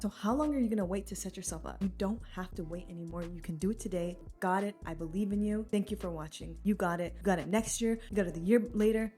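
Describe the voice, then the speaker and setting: A woman's voice: medium pitch, mellow. A woman vlogger giving an earnest, encouraging motivational talk straight to the viewer, casual, with many "like" fillers. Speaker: lifestyle vlogger.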